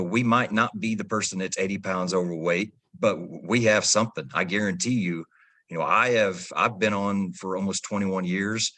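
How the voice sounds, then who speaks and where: A man's voice: low voice, sharp tone. A man in his forties, a firefighter hosting a podcast, talking earnestly and clarifying points for listeners. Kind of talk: casual interview talk.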